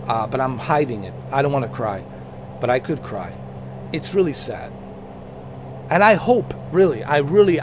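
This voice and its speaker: A man's voice: mid-range voice, a little hiss or hum. A middle-aged man from Bosnia, a livestream host giving an impassioned political rant, emphatic and earnest, repeating his points.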